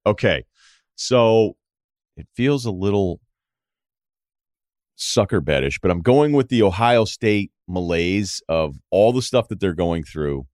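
A middle-aged man from Massachusetts hosting a podcast, talking casually and profanely, with quick asides. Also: low-pitched, expressive, darkish tone, no echo, studio quality. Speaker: podcast host. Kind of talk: casual interview and sports talk.

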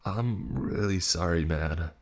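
A man's voice: sits low, slow pace. A man voicing a timid, apologetic stranger stuck in a lift, who stammers. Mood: sheepish.

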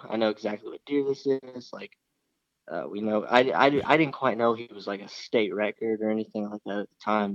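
Low-voiced man telling a hunting story. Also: no echo, highs cut off. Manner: rambling, animated retelling with quoted dialogue. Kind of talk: casual storytelling.

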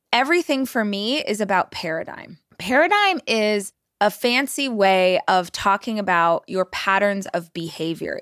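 A woman's voice: mid-range voice, a bit bright, no room sound. Earnest woman podcast host, dry sound. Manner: earnest, direct, speaks straight to listeners. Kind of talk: motivational podcast talk.

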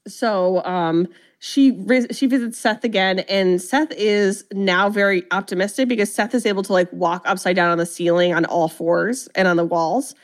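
Woman podcast host retelling a movie plot, casual and animated, does little character voices. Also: medium pitch, normal speed, few pauses. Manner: animated storytelling, acts out characters' lines. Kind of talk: casual movie recap chat.

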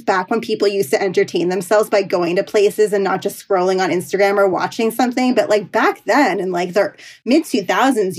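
Chatty woman astrologer telling stories. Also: mid-range voice. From New York City. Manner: chatty, lots of "like" and "you know". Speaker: astrologer guest. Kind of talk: casual storytelling interview.

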